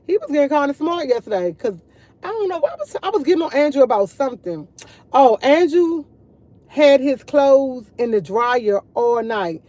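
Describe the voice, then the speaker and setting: A woman's voice: sits high, animated, normal speed, a little mellow, no room sound, lo-fi sound. A woman chatting casually to her viewers over morning coffee, rambling and repeating herself as she tells stories. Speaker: vlogger.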